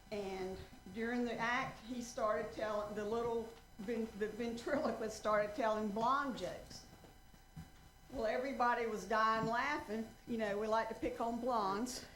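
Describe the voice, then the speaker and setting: A woman in her seventies from North Carolina, giving a folksy, earnest public comment at a council meeting with slow, emphatic appeals. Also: a little high, a little hiss or hum. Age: 70s. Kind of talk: prepared public comment with a joke. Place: council chamber. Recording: roomy council chamber.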